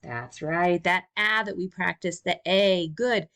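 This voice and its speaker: A young woman teaching a recorded first-grade lesson, speaking slowly and encouragingly to small children. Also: fairly low pitch, a bit bright. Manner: slow, sing-song, encouraging teacher talk.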